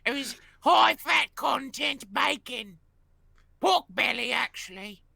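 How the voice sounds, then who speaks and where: A player doing a gravelly, bumbling royal cook. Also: male voice, very high voice, expressive, slow, sharp tone, dry recording, exaggerated voice. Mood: loud. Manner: rough folksy drawl, says "me ears".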